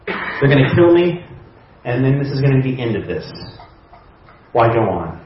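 A man's voice: mid-range voice, sing-song, normal speed, slight background noise. A man preaching a sermon, retelling a story conversationally with imagined dialogue. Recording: echoey hall, distant mic, dull sound.

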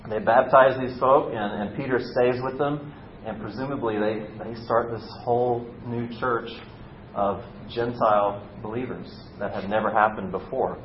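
A man preaching a casual, conversational sermon, telling a story and lightly acting out the quotes. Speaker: pastor. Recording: roomy, slightly dull recording with faint rumble.

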